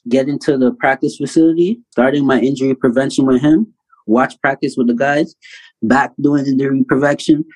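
A man in his thirties from Canada, a guest telling a personal story in a casual interview with lively, animated delivery. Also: medium pitch, a little fast, poor audio. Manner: animated storyteller, acts out quoted voices loudly. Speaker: guest, basketball player.

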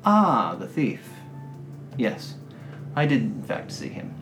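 A man playing an ancient dwarf who talks in slow, formal, courtly phrases. The voice is set in a roomy space with faint music in the background. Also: medium pitch, huge pitch swings. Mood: bemused. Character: ancient hunched male dwarf, courtly and genteel.

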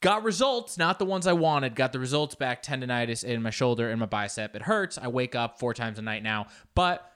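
A man's voice: fairly quick, few pauses, smooth. Rambling, self-mocking male comedian podcaster. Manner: rambling, joking and self-mocking, with frequent swearing; animated, with sudden jumps up in pitch for emphasis. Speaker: comedian hosting his own podcast. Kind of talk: casual solo podcast monologue.

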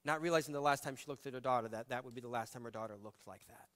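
A male pastor preaching a sermon in a conversational, emotive way, moving between loud emphasis and quiet reflection. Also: medium pitch, rapid-fire.

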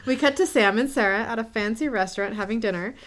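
A woman talks through a TV episode with a co-host in easy, casual chat. She retells the scenes briskly, dropping quick quoted lines and laughing along. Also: a little high. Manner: lively, laughing, quotes characters in quick asides. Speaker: podcast co-host recapping a TV episode.

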